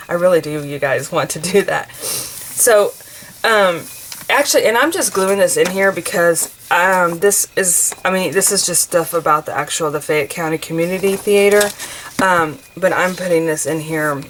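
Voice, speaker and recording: A woman's voice: fairly low pitch, normal speed, fairly bright tone, a little hiss or hum, low-quality recording. A woman in her forties from the United States, chatting casually and rambling while she works on a craft journal. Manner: chatty and rambling, many fillers and restarts. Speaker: craft vlogger.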